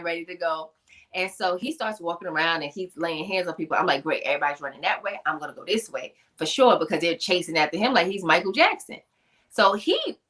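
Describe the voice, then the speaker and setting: A woman telling her personal testimony in an animated storytelling style, acting out voices and laughing often. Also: on the low side. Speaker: guest, motivational speaker.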